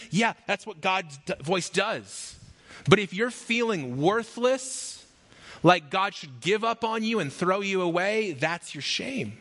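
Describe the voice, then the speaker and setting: A man preaching a sermon as pastor, energetic and emphatic, with rhythmic lists and acted asides. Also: high-pitched, unhurried.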